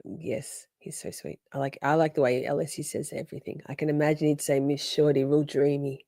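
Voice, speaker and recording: Aussie lady chatting to her stream chat, teasing, mellow tone. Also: low-pitched, fairly even intonation, brisk, vocal fry, no room sound, clean studio sound. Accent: Australian. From Australia. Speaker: livestream host reacting to trial footage. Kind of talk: casual live chat commentary.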